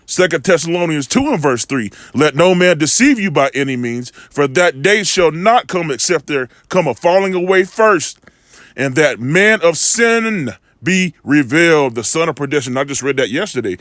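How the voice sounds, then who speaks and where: A man's voice: a little high, expressive, moderate pace, fairly bright tone, no room sound, studio quality. A man reading Bible verses aloud and commenting on them with earnest stress. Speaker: scripture reader. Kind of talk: reading and discussing scripture.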